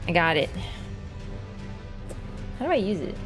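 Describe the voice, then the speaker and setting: A woman's voice: fairly low pitch, big pitch swings, measured pace, soft background music. A woman livestreaming a game, chatting casually to her viewers in a rambling, joking way that is full of swearing. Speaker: gaming livestreamer. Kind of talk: casual stream chat.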